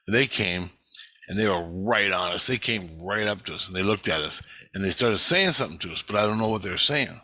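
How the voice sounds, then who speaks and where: A man's voice: lowish voice, lively intonation, moderate pace, sharp tone. A man telling a personal story in a casual, rambling way, swearing a lot and restarting his sentences. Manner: rambling, profane, with frequent restarts. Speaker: vlogger recounting an astral travel experience.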